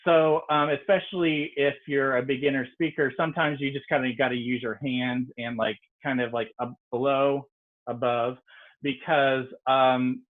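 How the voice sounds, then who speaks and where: A man's voice: medium pitch, steady tone, moderate pace. A man, a native English speaker, teaching an online French lesson in a casual, explanatory way with frequent ums. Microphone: video call. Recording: tinny video-call audio.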